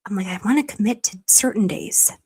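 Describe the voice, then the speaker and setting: A woman's voice: medium pitch, brisk, dark tone, slightly rough. A woman hosting a livestream, chatting casually to her viewers, gushing and emotional, rambling with many restarts. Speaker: livestream host.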